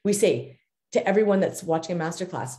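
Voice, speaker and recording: A woman hosts a live figure skating coaching show and gives a motivational talk, stressing and repeating her key phrases. Her voice is mellow and warm, and her words address the audience directly. The room adds a clear echo. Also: lowish voice, expressive, fairly quick. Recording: roomy echo.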